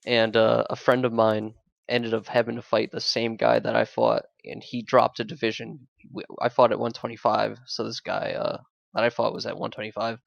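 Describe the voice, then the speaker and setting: A man's voice: fairly low pitch, moderate pace, creaky, no room sound, dull audio. A man co-hosting a podcast, telling his fight stories in casual chat, swearing, laughing and acting out the other people in them. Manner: animated, profane, laughing, acts out quoted voices. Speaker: podcast co-host, amateur Muay Thai fighter.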